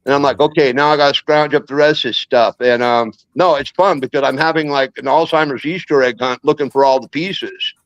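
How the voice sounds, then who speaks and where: A man's voice: mid-range voice, steady tone, fairly quick, few pauses, no room sound. Rambling jokey man, lo-fi dry sound. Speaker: guest. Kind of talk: casual chat.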